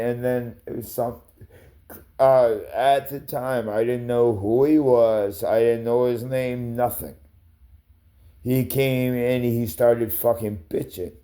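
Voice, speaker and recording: Man for a confrontational livestream rant, unhurried delivery with a dark tone, profane and accusatory. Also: mid-range voice. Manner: profane, confrontational, addresses people by name. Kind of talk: rambling angry rant.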